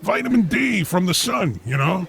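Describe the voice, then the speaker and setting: A man hosting a comedy call-in show, speaking in a deadpan, pompous, lecturing way. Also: high-pitched, moderate pace. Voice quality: gravelly, raspy.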